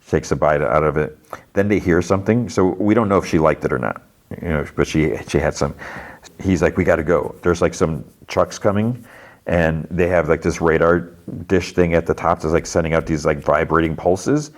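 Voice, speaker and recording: A deep, low-pitched male podcast host recaps a show in a loose, casual way. He rambles and fills the gaps with fillers as he retells each scene. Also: steady tone, fairly quick.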